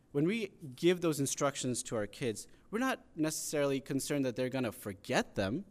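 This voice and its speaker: A man preaching a sermon, talking it through in an earnest, conversational way. His pitch sits in a middle range. He leans in harder when he drives a point home. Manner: earnest, conversational teaching with rising emphasis on pleas.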